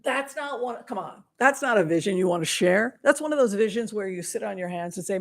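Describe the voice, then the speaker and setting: Gravelly lady doing a tarot stream, earnest, goes whispery sometimes. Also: mid-range voice, lively intonation, fast, few pauses. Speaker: psychic livestream host. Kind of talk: casual livestream tarot reading.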